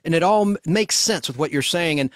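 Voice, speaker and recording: A man hosts a conversational interview, talking fast and cutting in with quick questions. His voice sits a little high and sounds dry and close to the mic. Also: expressive, no echo. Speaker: podcast host.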